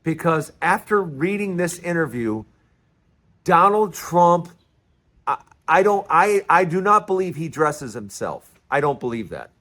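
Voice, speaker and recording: A man hosting his own political commentary vlog, talking in an animated, emphatic way and often repeating and restarting his phrases. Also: fairly high pitch, unhurried. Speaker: vlog host.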